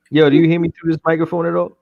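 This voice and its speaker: A man's voice: on the high side, gravelly, lo-fi sound. A man co-hosting a casual live chat, telling rambling stories and laughing often. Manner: loose, joking storyteller, laughs often. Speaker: co-host.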